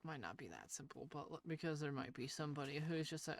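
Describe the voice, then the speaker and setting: Nasal-voiced gamer, mid pitch, slight vocal fry, rambling and hesitant casual commentary, faint background noise. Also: lively intonation, fast, few pauses. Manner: rambling and hesitant, heavy with fillers and restarts; shy, talks about social anxiety. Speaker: gaming video creator.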